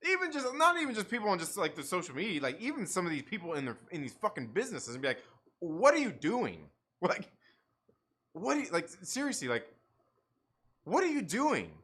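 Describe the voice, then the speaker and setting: Guy with a high bright voice, chatty livestream host, swears a lot, keeps laughing, lots of likes. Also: big pitch swings, quick pace. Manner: rambling, profane, many likes and restarts; laughs often while talking. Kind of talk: casual livestream chat.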